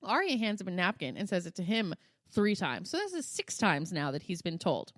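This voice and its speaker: A woman's voice: fairly low pitch, very animated, a little fast, no echo, studio quality. A woman in her thirties telling a story to her podcast co-host, swearing a lot and acting out her son's whining. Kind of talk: casual chat.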